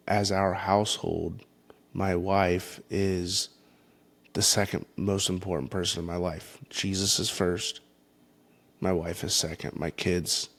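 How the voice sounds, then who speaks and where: Male podcast host, deep gravelly voice, slow and earnest, faith-based parenting talk. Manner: earnest, halting, frequent restarts.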